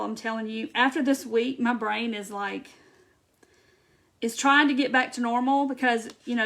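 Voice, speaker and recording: High-voiced chatty woman. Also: a bit bright. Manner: chatty, greets viewers by name while reading comments and working. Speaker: craft tutorial host. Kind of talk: live craft tutorial chat.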